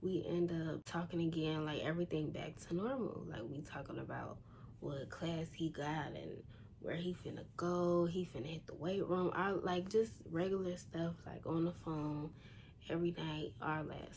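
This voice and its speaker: A woman's voice: low-pitched, fairly even intonation, moderate pace, a little mellow. Blunt, exasperated young woman. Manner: blunt, exasperated, slangy and rambling. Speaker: vlogger. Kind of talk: casual storytime. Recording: faint background noise.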